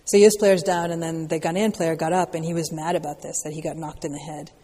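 Mellow breathy woman teaching in a hall. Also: sits low, flat delivery, fast. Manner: reflective, loose, peppered with "you know" and "like". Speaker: dharma teacher answering questions. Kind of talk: casual dharma talk Q&A.

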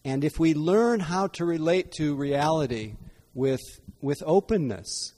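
A man teaching meditation in an evening dharma talk, unhurried and reflective, often repeating and rephrasing himself. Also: fairly high pitch, warm tone. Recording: long hall reverb.

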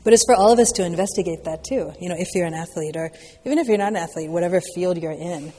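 Breathy low-ish woman, dharma teacher musing loosely, long reverby hall. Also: fast talker, mellow. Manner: reflective, loose, peppered with "you know" and "like". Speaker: dharma teacher answering questions. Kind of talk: casual dharma talk Q&A.

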